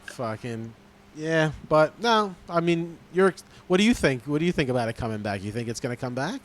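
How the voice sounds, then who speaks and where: A man jokes through quick podcast banter. His voice sits on the high side and swoops widely in pitch. He laughs easily as he reacts to his co-host. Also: big pitch swings. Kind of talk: casual podcast chat.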